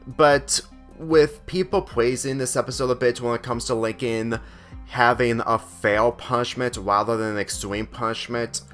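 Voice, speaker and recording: A man's voice: mid-range voice, steady tone, normal speed, a bit bright, faint music behind. A man giving a rambling cartoon review commentary, circling back on the same phrases. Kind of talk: spoken video commentary.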